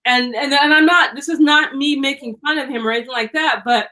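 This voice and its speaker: A high, bright woman talking in a loose, lively conversational way. She tells stories with plenty of likes, restarts and bursts of laughter, speaking as a casual interview guest. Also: brisk. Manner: animated storyteller, many likes and restarts, laughs often. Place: lives on the East Coast, away from LA.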